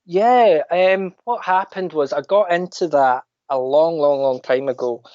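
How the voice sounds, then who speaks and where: Lebhafter schottischer Mann, dumpfer Klang. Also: male voice, on the high side, a little slow, no echo. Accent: Scottish. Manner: animated anecdotes, mimics other people's voices. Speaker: podcast guest. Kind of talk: casual storytelling chat. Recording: dull lo-fi dry sound.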